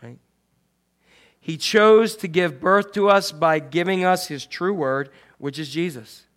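A man preaching a sermon as pastor, swinging from loud, acted-out quotes to soft, hushed asides. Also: high voice, slow.

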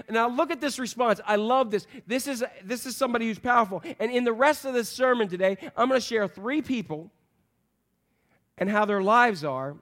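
A male pastor with a fairly high voice, preaching to his congregation. He is animated and joking, and he slips into playful voices for the people in the story. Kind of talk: sermon.

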